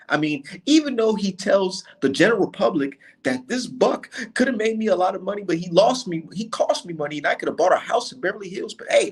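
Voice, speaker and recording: A man's voice: high-pitched, slightly rough. A man giving a heated, profane, sarcastic rant full of rhetorical questions, speaking as a commentator to his audience.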